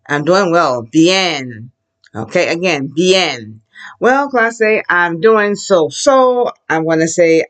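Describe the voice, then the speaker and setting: A woman teaching a children's Spanish class, drawing out words slowly for the class to repeat. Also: fairly low pitch, big pitch swings, a bit bright. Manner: slow, drawn-out call-and-repeat prompts. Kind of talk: children's language lesson. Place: classroom with a chart behind her.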